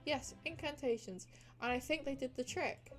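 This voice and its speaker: A stubborn, overworked young wife from a cozy witch game pleads and bargains for one more ritual, as a woman reads her lines. The voice sits on the higher side, and faint music plays underneath. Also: normal speed, lightly acted. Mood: pleading.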